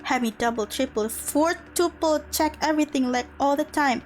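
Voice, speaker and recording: A woman's voice: high voice, moderate pace, slight background noise, natural voice. A woman reading game lines as a young, laid-back male surfer-type crewman, easygoing and full of fillers. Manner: easygoing, filler-heavy, hesitant. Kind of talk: reading game dialogue aloud.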